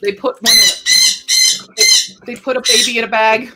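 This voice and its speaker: A woman's voice: a little high, steady tone, fairly quick, heavy background noise. A woman chatting casually on a writing livestream at home, gushing and giggly. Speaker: writing streamer.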